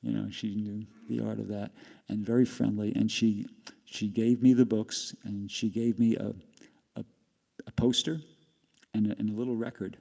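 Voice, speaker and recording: A man's voice: lowish voice, flat delivery, normal speed, creaky, dark tone. An older man giving a class, telling a rambling personal story with laughs along the way. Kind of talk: storytelling talk. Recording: long hall reverb.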